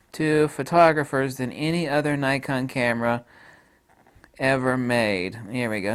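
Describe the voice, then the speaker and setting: A man giving an off-the-cuff camera review, blunt and jokey, jumping from loud outbursts to low mutters. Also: smooth.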